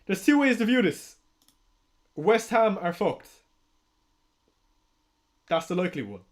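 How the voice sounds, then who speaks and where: A young Irish man chats on a live stream in a fairly high voice. He talks casually and excitably, swears freely and laughs often. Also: unhurried. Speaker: fantasy football streamer. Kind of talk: casual livestream commentary.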